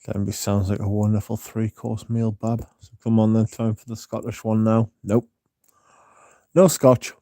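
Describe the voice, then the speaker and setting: A man's voice: on the low side, monotone, moderate pace, dark tone, no room sound, clean studio sound. A man hosting a casual livestream, rambling, swearing freely and reading out chat, with a slightly sore throat. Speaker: livestream host.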